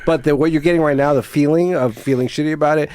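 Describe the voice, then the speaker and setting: A man hosting a casual podcast chat, telling school stories in a profane, animated way. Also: on the high side, quick pace. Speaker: podcast host.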